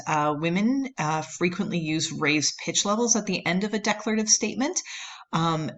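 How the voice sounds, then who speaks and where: A woman lecturing on anthropology, explaining at length with many fillers and "right?" checks. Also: on the low side. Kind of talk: recorded lecture.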